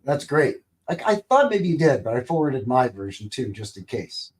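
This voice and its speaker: This Canadian man's medium-pitched voice swings widely in pitch as he talks at a moderate pace with hardly any pauses. Hosting a casual livestream, he chats enthusiastically, rambles, and chuckles a lot.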